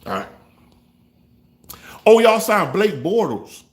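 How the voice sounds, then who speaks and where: A man hosting a fan reaction show, trash-talking rival fans in a loose, animated way. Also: sits high, takes it slowly. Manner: trash-talking, animated, African American Vernacular English grammar. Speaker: sports fan show host.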